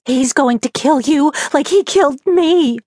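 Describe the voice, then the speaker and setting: A woman voicing the ghost of a hostile middle-aged woman who spits out cold warnings in a raised, high voice. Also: big pitch swings, measured pace, breathy edge, no room sound, studio quality.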